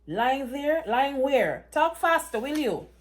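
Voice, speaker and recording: Lady reading as a panicked young woman yelling, high and sharp, slow drawn-out words. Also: sing-song, heavily acted. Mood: frantic. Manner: shouting, frantic. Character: distraught young woman demanding answers.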